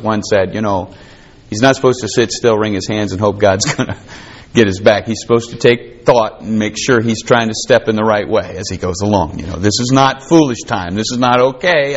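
A man's voice: lowish voice, lo-fi sound. A man preaching a sermon in a folksy, conversational way that builds to fervent emphasis. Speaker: pastor.

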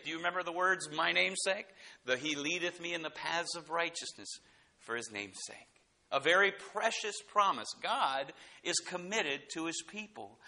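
A man's voice: high-pitched, sharp tone. A man preaching a sermon, reading scripture aloud and asking rhetorical questions. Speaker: pastor.

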